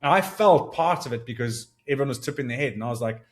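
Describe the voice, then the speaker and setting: This is a solo reflective monologue from a podcast host in his thirties who talks fast in a mid-range voice. Earnest and searching, he gets animated and his voice rises with excitement, then settles. Sentences often get restarted as he figures out his meaning.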